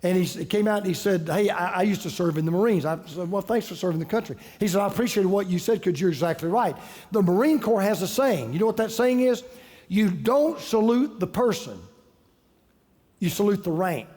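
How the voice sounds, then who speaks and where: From the pulpit, a pastor preaches fast, high in his register and with a somewhat dark tone. He tells stories in a relaxed, conversational way and drives his points home by repeating key phrases. His voice rings through a sanctuary with long, lingering reverb.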